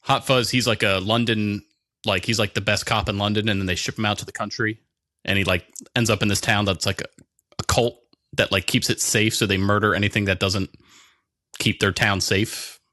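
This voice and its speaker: A man's voice: on the low side, fairly even intonation, normal speed, pushed and bright, no echo, clean studio sound. A young man co-hosting a podcast, chatting casually and quizzing his friend, rambling with lots of fillers. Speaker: podcast co-host. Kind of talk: casual chat, quiz host.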